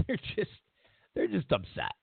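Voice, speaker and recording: A man hosts a political talk show, mocking his opponents in a casual, sarcastic way and repeating his own lines. His voice is gravelly and his delivery is slow and unhurried. His pitch swings widely, and the sound is thin and phone-like. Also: huge pitch swings, no room sound. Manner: sarcastic, mocking, repeats phrases, chuckles often. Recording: tinny phone-like audio.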